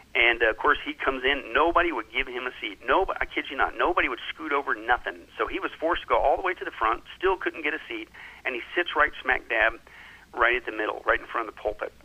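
A man preaches his stories in a hard, bright, cutting voice with a husky edge. He drives each point home, leans on the listener, and keeps checking that they are following. The sound is dull and lo-fi, like an old radio broadcast. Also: medium pitch. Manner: emphatic, keeps saying "listen" and "right?". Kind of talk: animated preacher-style storytelling.

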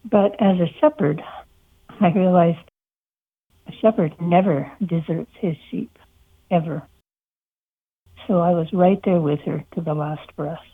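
Gentle woman on a phone line. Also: fairly low pitch, a little slow, pauses often, husky. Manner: gentle, heartfelt storytelling. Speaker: shepherd and author, radio guest. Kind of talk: personal testimony in an interview.

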